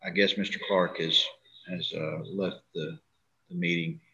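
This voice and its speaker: A man chairing a public meeting, polite and courteous, a little halting. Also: low voice, fairly even intonation, sharp tone. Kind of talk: formal meeting moderation. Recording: dull lo-fi meeting audio.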